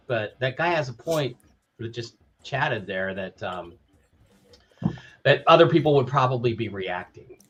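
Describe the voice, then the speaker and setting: A man's voice: medium pitch, animated, a little slow, lo-fi sound. A man co-hosting a casual podcast chat, explaining his theories in a confident, lecturing way. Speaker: podcast co-host.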